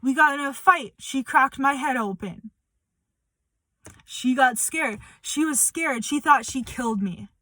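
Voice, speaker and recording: A woman's voice: sits high, unhurried, sharp tone, dry recording. A young woman speaking bluntly and confrontationally in a personal update vlog, swearing as she calls someone out. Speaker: vlogger.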